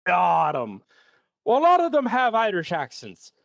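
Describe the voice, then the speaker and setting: A playful co-host chatting casually on a live stream, with a voice that swings widely in pitch. The sound is dry and close, with no room around it. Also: measured pace, creaky, no room sound. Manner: animated, playful, laughs often. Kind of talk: casual chat.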